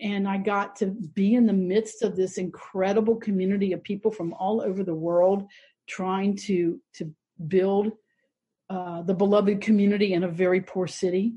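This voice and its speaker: Husky older woman telling her story. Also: medium pitch, level tone, normal speed, dark tone, highs cut off. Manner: reflective, earnest, lightly humorous. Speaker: Episcopal priest, interview guest. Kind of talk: personal storytelling in conversation.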